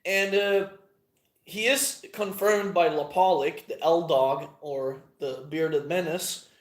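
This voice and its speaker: Guy rambling and cussing a lot, kinda high voice, echoey room sound. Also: fairly even intonation. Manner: profane, meandering, halting with many fillers. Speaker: channel host. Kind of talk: casual rambling monologue.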